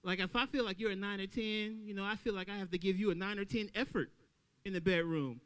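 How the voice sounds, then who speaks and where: A man doing a stand-up comedy set at an open mic, talking loudly and playing out little voices for the crowd. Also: high voice, quick pace, clear, resonant tone. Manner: loud, animated crowd work with acted-out voices.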